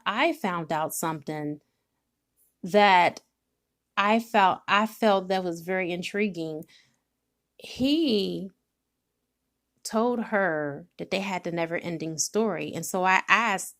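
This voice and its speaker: A woman giving a spiritual card reading, telling a story with feeling and speaking directly to her viewers. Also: fairly low pitch. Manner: emotional, storytelling, nearly tearful at times. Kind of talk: tarot reading monologue.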